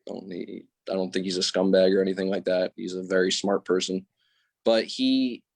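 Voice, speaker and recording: A man's voice: deep voice, level tone, normal speed, gravelly, no room sound. A young man on a sports podcast, hesitating often and filling his points with "like" as he argues. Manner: hesitant, restarts often, many "like"s. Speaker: podcast co-host. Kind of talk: casual sports debate.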